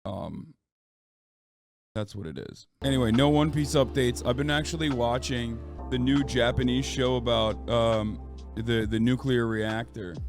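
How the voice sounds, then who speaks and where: A man's voice: mid-range voice, measured pace, over music. A man in his early thirties chatting casually and rambling to his stream audience. He is sick and curses freely. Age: 30s. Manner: rambling, profane, restarts and trails off. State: sick, stuffy.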